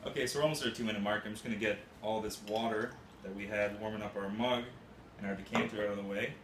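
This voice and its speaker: A man's voice: on the low side, steady tone, fast, fairly bright tone, faint music behind. A man casually walking through brewing coffee step by step, tossing in playful, goofy catchphrases. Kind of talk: casual how-to demonstration. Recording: roomy room with faint ambient hum.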